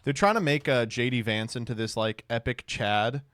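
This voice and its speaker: A man streaming casual commentary, reacting to clips with sarcastic, deadpan mock praise. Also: mid-range voice, normal speed, no room sound, studio quality.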